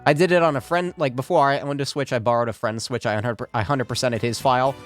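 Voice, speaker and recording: A man's voice: mid-range voice, steady tone, quick pace, faint music behind. A man streaming a game, commenting casually while stumbling over his words and swearing freely. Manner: rambling, stammering, swears casually.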